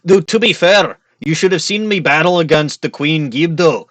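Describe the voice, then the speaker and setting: A man's voice: a little high, normal speed, fairly bright tone, dry recording. A man doing a put-on Scottish accent, playing a hot-tempered, boozy Scotsman with tarot magic, rolling his words and dropping in "laddie" and "aye". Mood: boastful. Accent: put-on Scottish accent, admittedly poor. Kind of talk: let's-play character voice.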